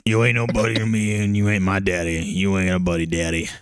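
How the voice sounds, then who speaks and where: A man's voice: low voice, little pitch movement, clear, resonant tone, dry recording, studio quality, lightly acted. A man putting on a drawling tough guy who keeps insisting someone is not his father. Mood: defiant. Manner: slow rambling drawl, repetitive.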